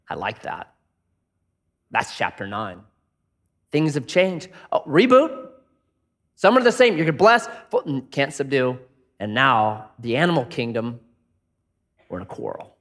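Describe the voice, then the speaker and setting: A man's voice: mid-range voice, slow pace, pauses often. A middle-aged man preaching a sermon, telling a story with acted-out voices and jokes. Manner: animated storyteller, acts out voices in anecdotes. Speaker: pastor.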